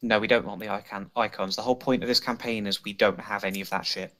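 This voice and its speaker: A lowish man who talks fast with a bright, forceful voice. He is blunt and teasing, and swears freely with his fellow players. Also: steady tone. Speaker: game player. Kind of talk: casual chat.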